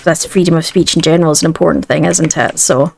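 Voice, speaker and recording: A woman's voice: low voice, fairly even intonation, fast, vocal fry, darkish tone, soft background music. A woman with a Scottish accent, rambling in casual chat while she plays a game. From Scotland. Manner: rambling, chatty. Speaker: gaming video creator.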